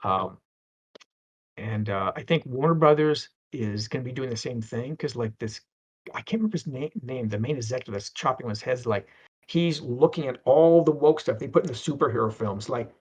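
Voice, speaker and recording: A man's voice: mid-range voice, normal speed, breathy edge. A middle-aged man talking casually as an interview guest, rambling through anecdotes with stammers and acted-out quotes.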